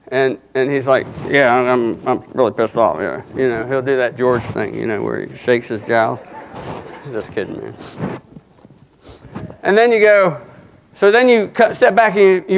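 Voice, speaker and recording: A man's voice: high voice, clean tone. A middle-aged man speaking at a conference, folksy and joking, acting out short dialogues as he talks. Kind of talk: motivational talk to an audience. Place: conference hall.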